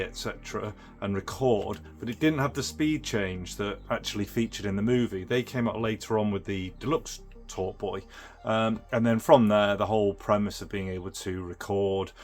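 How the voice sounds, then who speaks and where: Low-voiced man demoing retro toys. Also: normal speed, faint music behind. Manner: rambling, with many fillers and restarts. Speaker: retro toy restorer and channel host. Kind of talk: casual show-and-tell demo.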